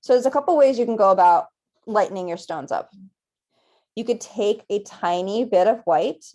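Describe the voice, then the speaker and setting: Gentle encouraging woman painting instructor. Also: mid-range voice, expressive, normal speed. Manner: gentle, encouraging step-by-step guidance. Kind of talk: live virtual painting class.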